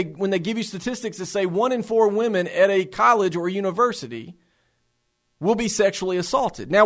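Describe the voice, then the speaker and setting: Impassioned high-voiced man preaching. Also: fairly bright tone. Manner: impassioned, rhetorical questions, repeats words when starting phrases. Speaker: speaker for a faith-based resource center. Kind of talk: earnest address to fellow believers.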